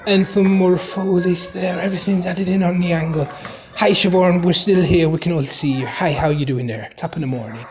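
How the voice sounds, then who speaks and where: With a crowd in the background, a high-pitched man speaks at a moderate pace with hardly any pauses, in a natural voice. Adopting a fake Irish lilt, he jokingly narrates a silent craft video like a mock silent-movie voiceover, amused and wry, chuckling and often muttering "Jesus."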